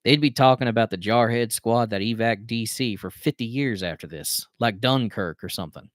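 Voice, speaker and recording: A man voicing a cocky, easygoing Southern Air Force controller with a slow, laid-back drawl. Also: medium pitch, no room sound, studio quality, lightly acted. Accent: Southern US drawl, put on.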